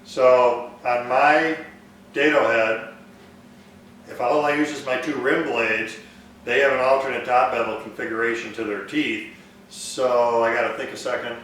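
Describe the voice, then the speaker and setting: In his woodworking shop, a man hosts a live stream, casually answering questions and reading viewer comments in a relaxed way, thinking aloud with fillers. His mid-range voice is unhurried, picked up by a far mic with big room echo and slight background noise.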